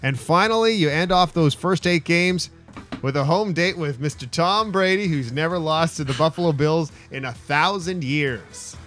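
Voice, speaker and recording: Sports co-host cracking wise. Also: male voice, fairly high pitch, fairly bright tone, soft background music. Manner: wisecracking, quick asides. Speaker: sports talk show co-host. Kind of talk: casual sports radio banter. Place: radio studio.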